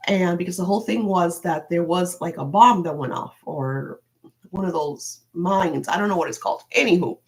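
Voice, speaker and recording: A middle-aged woman hosting a spiritual live stream from home, chatting casually and rambling with many fillers. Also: on the low side.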